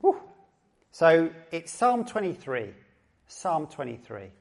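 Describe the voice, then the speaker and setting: A man's voice: on the high side, big pitch swings, slow, vocal fry, darkish tone. A middle-aged man with an Essex accent preaching a sermon as a pastor, chatty and joking, often repeating his phrases. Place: church service.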